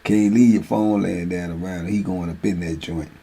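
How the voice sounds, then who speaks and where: Gravelly, raspy middle-aged guy on a stream mic, rambling stories, keeps laughing and saying man. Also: low voice, normal speed. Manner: animated, laughs often, repeats "man" a lot. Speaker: show host. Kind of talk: casual storytelling chat.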